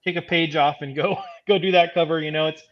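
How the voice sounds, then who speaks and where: A man's voice: fairly high pitch, fairly even intonation. Man on a dull, lo-fi line. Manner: halting, laid-back, hesitant. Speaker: comic book writer, co-host. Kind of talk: casual chat.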